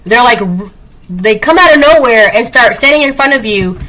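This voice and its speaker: A woman doing a casual spoken tarot reading, chatty, laughing often and acting out quick quoted voices. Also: fairly high pitch, lively intonation, sharp tone, rough recording. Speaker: tarot reader.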